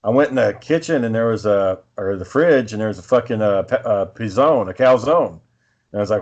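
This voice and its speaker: A man's voice: lowish voice, a little fast, dull audio. A man co-hosting a podcast, telling a rambling, profane story in a casual, laid-back way. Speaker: podcast co-host.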